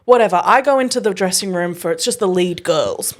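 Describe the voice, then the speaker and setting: A young adult woman, co-hosting a podcast and telling a story in casual chat, animated and swearing freely. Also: fairly low pitch, fairly quick. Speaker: podcast co-host.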